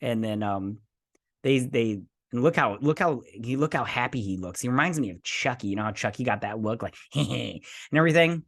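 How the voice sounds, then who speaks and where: A man's voice: mid-range voice, animated, moderate pace, a bit bright. A man hosting a casual episode recap and review, rambling through a loose play-by-play and adding his own sound effects. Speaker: host.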